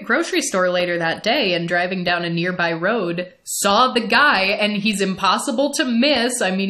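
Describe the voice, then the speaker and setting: Bright, animated woman storyteller. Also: medium pitch. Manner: animated, laughs often. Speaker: vlogger. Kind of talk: casual storytime vlog.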